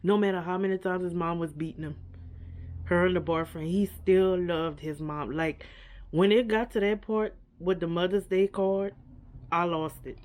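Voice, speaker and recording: A woman's voice: lowish voice, fairly even intonation, normal speed, darkish tone. A woman vlogger giving a casual, earnest reaction to a documentary. She repeats herself often and leans on "like" and "you know.".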